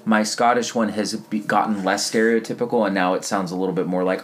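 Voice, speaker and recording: A man's voice: fairly low pitch, fairly even intonation, a little fast, slight background noise. A man co-hosting a casual drinks podcast, laid-back with a dry humor. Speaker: podcast co-host. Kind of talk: casual chat.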